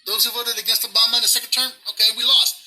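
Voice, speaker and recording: A furious man rants with a very high, piercing voice, swearing heavily and hammering his points home through repetition. Faint music hangs behind him. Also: little pitch movement, rapid-fire, sharp tone, poor audio. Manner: heavy swearing, emphatic and repetitive. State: pissed off. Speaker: vlogger. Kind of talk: angry political rant. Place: outdoors near grass.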